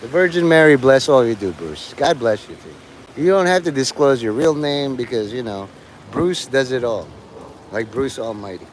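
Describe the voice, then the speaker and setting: A man's voice: medium pitch, animated, normal speed, slight background noise, poor audio. A middle-aged man rambling crudely in a monologue while out in the rain, swearing and joking to himself. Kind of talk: rambling outdoor livestream monologue. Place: outdoors in the rain near traffic.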